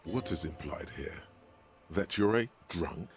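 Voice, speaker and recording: An actor voicing a deep, ominous narrator in a video game. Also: male voice, animated, unhurried, vocal fry, faint music behind, exaggerated voice. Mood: dry. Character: deep omniscient inner-voice narrator, man. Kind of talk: game voice acting.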